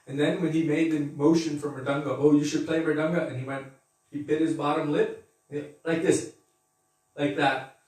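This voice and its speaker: A man's voice: on the high side, flat delivery, normal speed, a little mellow. A man giving a conversational devotional scripture class, laughing at times and acting out quotes. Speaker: spiritual teacher giving a class. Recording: echoey room, mic far off.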